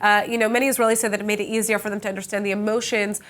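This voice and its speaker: Woman news anchor, mid pitch, upbeat and conversational, studio read. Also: flat delivery, very fast, a bit bright. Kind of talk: studio news presenting and chat.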